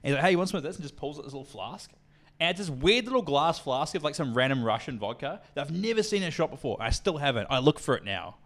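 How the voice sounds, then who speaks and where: A young Australian man co-hosting a casual podcast, spinning a story at a rapid clip. His pitch jumps around a lot as he acts out the people in it. His talk is loose and full of swearing. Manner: animated, profane, acts out voices in stories. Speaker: podcast co-host.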